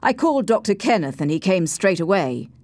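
A woman voicing a polite, discreet gentleman neighbour in a storybook reading, softening to a hush for private matters. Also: lowish voice, very animated, brisk, no echo. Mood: courteous. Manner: polite, drops to a hushed whisper.

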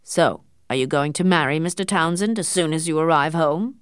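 A woman reading an audiobook, voicing a stern, cold older father, a doctor, who speaks in a quiet, controlled, hard way. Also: sits low, moderate pace, clean tone, dry recording, studio quality, natural voice.

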